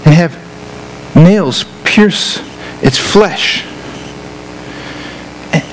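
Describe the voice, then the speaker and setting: A male pastor delivering a sermon with an animated, storytelling delivery, often doubling back on his words. His voice sits fairly high for a man, and a faint hiss runs beneath it. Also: very slow. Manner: animated, acts out scenes, repeats words.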